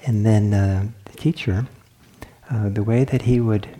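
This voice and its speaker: A male meditation teacher gives a dharma talk in a low, mellow voice. He speaks gently and reflectively, pausing and restarting phrases as he feels his way toward each idea. The tone is warm and unforced. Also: fairly even intonation.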